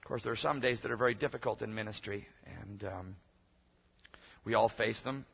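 A man preaching a sermon as pastor, moving between loud, emphatic exhortation and quiet, conversational storytelling. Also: lowish voice, a little fast, creaky, slightly rough. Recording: dull lo-fi sermon recording.

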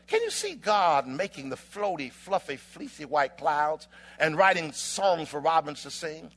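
A man preaching a sermon with impassioned delivery, building to shouts and holding dramatic pauses in rhythmic, alliterative phrases. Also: on the high side.

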